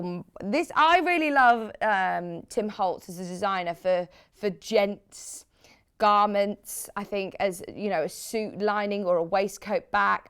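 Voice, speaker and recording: A woman's voice: mid-range voice, clean tone. A woman presenting fabrics on live shopping television, chatty and gushing, reading out viewer comments as she talks. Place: TV studio.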